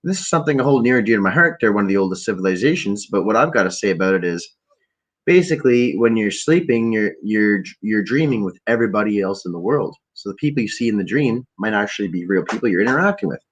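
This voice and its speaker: A man's voice: lowish voice, lively intonation, quick pace, breathy edge. A man from Canada hosting a podcast, telling a meandering story in a casual rambling monologue, often trailing off into fillers and restarts. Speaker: podcast host.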